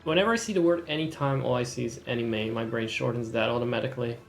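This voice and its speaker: A man's voice: mid-range voice, quick pace, vocal fry, faint music behind. Sardonic young man streaming a game. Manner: wry, sardonic running commentary. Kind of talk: gaming stream commentary with voiced dialogue.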